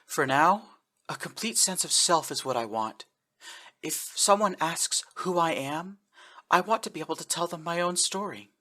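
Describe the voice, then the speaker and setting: A man voicing an earnest female water witch, speaking softly in a read-aloud story. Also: fairly high pitch, expressive, moderate pace, voice pushed up.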